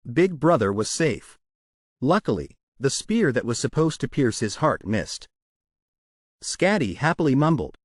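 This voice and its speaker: Lively man narrating a comic recap. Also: medium pitch, normal speed, dry recording, clean studio sound. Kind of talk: scripted story narration.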